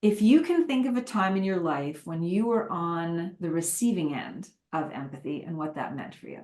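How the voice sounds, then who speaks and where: A woman hosts a podcast, putting questions to her guest in a measured, inviting manner. Her voice sits rather low. The room has a noticeable echo. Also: lively intonation, darkish tone. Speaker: podcast host. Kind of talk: interview questions. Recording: echoey room.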